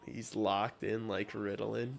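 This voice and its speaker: This man watches hockey on a live stream, swearing and speaking frankly to his chat, with occasional outbursts into loud ranting. He sounds creaky and on the low side, keeping a level tone at an unhurried pace.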